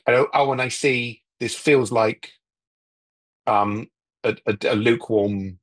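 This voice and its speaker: A man with a husky, slightly breathy voice at an ordinary middle pitch. He rambles in a wry, self-interrupting way, trailing off and circling back as he talks. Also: slow pace. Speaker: guest, TV writer. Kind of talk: casual conversation.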